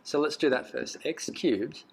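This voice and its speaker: A man's voice: on the high side, measured pace, creaky, husky. A male math teacher walking through a recorded lesson, asking lots of questions, coaxing students and muttering asides as he thinks aloud. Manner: lively, asks questions and coaxes students.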